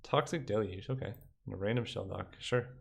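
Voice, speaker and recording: A man's voice: lowish voice, fairly quick, vocal fry, breathy edge. Man thinking aloud over a card game. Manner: thinking aloud, counting mana under his breath. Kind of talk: casual gameplay commentary.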